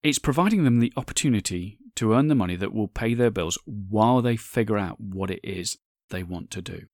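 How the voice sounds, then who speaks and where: A man's voice: fairly low pitch, brisk, a little mellow, no room sound, clean studio sound. Earnest man hosting a solo podcast. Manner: earnest, reflective, with frequent restarts. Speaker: podcast host.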